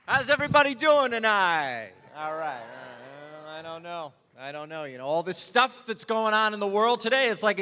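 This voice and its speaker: A man on a theatre stage rambles in exasperated mock outrage, his voice very high and bright. His pitch leaps all over the place, and the hall's long reverb trails behind every line. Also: very animated, normal speed. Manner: exasperated, rambling, repeats stock outrage phrases. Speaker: stand-up comedian. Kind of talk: stand-up parody of a vague edgy comic. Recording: live theatre hall reverb.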